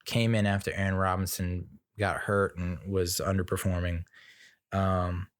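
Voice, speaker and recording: A man's voice: low-pitched, level tone, unhurried, clean tone, no echo, studio quality. Casual, rambling male sports podcaster. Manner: rambling, frank, with frequent fillers and restarts. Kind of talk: casual sports commentary monologue.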